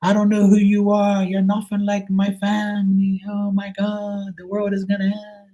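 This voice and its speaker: A man's voice: sits high, completely flat delivery, moderate pace, dark tone, voice pushed up, lightly acted. A man voicing his 80-year-old father as an exasperated, disbelieving parent who berates his son. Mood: aghast, scolding.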